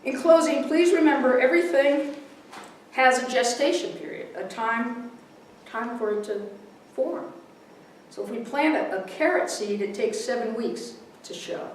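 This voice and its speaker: A woman's voice: a little high, measured pace, a little hiss or hum. A woman giving a chatty, casual sermon, mixing readings and a humorous story. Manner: warm, chatty, laughs at her own jokes. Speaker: minister giving a talk. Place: large echoey hall with a congregation. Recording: very echoey hall, voice from far off.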